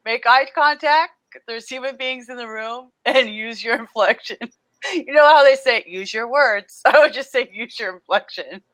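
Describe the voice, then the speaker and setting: A woman's voice: on the high side, pushed and bright. Playful, giggly woman co-host. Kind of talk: casual chat on a video call. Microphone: video call.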